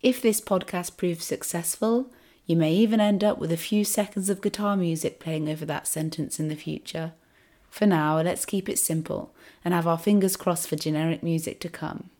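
Croaky-voiced woman with a cold. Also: fairly low pitch, fairly even intonation, normal speed, warm tone. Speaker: podcast host. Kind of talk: scripted podcast monologue.

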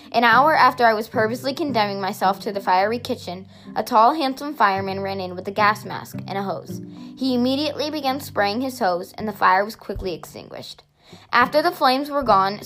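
A woman narrating a first-person story aloud in a steady, softly expressive reading. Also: mid-range voice.

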